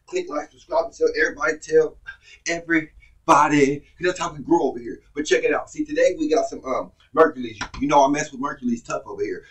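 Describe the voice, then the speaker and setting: A man hosting a reaction video, talking casually and excitedly, repeating himself and stopping to replay lines. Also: medium pitch, breathy edge, recorded from a distance. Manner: hyped, repeats himself, keeps rewinding the track.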